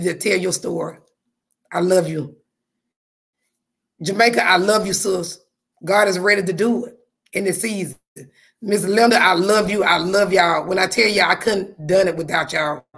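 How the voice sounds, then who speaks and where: A woman hosting a podcast, talking to her listeners with fervent, repetitive, preacher-like faith talk, her voice going hoarse. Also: fairly low pitch, a bit bright. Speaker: podcast host.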